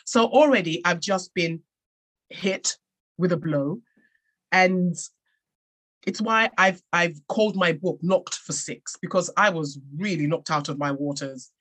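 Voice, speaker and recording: Her story comes out at a measured pace in a lowish, slightly bright voice. She's an author from England, interviewed on a podcast, and she speaks earnestly and reflectively, often restarting mid-thought.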